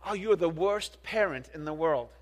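A man's voice: a little high, animated, normal speed, pitched below the performer's own voice, natural voice. A man voicing an indignant baby accusing its parent, in a theatrical, accusing manner. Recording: long reverb of a large hall.

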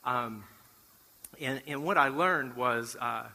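A middle-aged man shares a testimony from the front of a church, his voice very bright and clear. He tells the story with lively acted-out dialogue and self-deprecating jokes, and the sound rings out with the long reverb of a large hall. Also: mid-range voice, takes it slowly. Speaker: church mission trip speaker. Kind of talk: testimony talk to a congregation.

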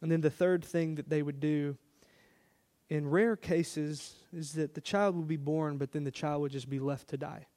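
A man's voice: on the high side, steady tone, normal speed. Man preaching a conversational sermon. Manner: conversational, warm storytelling with quoted dialogue. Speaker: pastor. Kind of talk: sermon storytelling.

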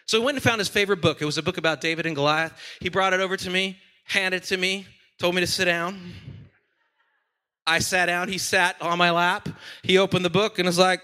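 A senior pastor giving a sermon in church, a man with a high, bright, forceful voice. He tells stories playfully and with lots of animation, drawing the congregation in. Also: fast talker.

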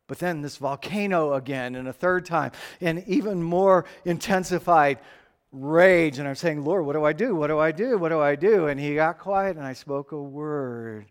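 A man preaching a sermon, telling a personal story with animated rises and drops and frequent restarts. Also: on the high side, normal speed, smooth, in a large hall. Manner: animated storytelling, rising and falling, repeated restarts. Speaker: pastor.

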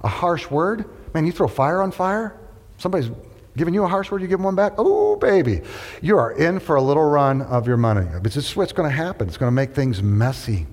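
A man's voice: on the high side, fairly quick. A man preaching a sermon to a room full of people, asking questions and having them answer back. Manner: animated, rhetorical questions and call-and-response. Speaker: pastor. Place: large hall with an audience. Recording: long hall reverb.

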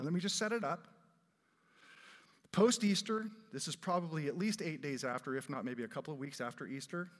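Animated preacher in a reverberant hall. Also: male voice, mid-range voice. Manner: animated storytelling preacher, acts out quoted lines. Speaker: pastor. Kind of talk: sermon.

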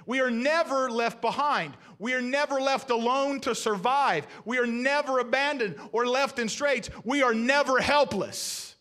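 A man's voice: extremely high pitch, measured pace, hardly any pauses, bright, forceful tone. A man preaching a sermon as pastor, talking conversationally and asking the congregation questions.

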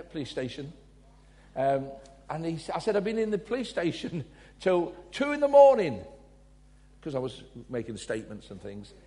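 A man from England, preaching a sermon and telling personal stories, swinging between loud emphasis and quiet asides. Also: mid-range voice.

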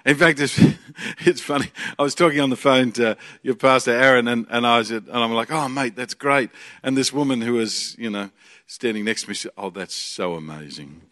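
Aussie guy in his 40s preaching, jokey and lively, dry sound. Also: medium pitch, fairly quick, no echo. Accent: Australian. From Australia. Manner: chatty, joking, energetic preaching. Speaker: guest pastor. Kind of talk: sermon.

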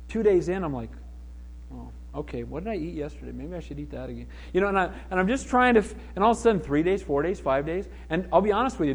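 A pastor with a voice that sits high preaches a sermon animatedly, acting out the voices of people in the story.

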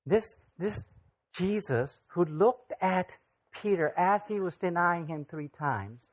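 Pastor, mid-pitched voice, relaxed sermon delivery, talks to the room with lots of rhetorical questions. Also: a little slow. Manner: conversational, asks the audience rhetorical questions.

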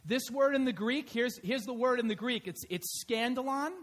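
Man, very high voice, pastor, lively conversational sermon, church. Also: moderate pace. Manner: conversational, animated storytelling. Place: church sanctuary.

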